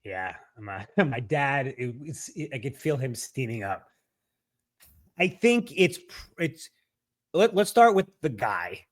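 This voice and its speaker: A man's voice: medium pitch, very animated, slow. A man co-hosting a podcast in casual chat, who laughs easily and stammers and restarts while he thinks aloud. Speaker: podcast co-host.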